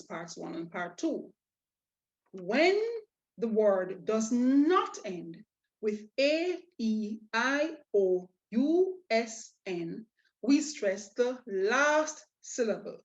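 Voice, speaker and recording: A woman teaching a language lesson, explaining step by step with patient, drawn-out examples and rhetorical questions. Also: fairly high pitch. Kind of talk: slow, deliberate lesson explanation. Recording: dull, lo-fi audio.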